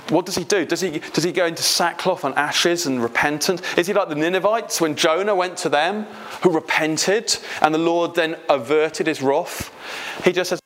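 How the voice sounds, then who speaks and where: A man preaching a sermon in a conversational, gently humorous way, putting questions straight to his congregation. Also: on the high side, a little hiss or hum. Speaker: pastor.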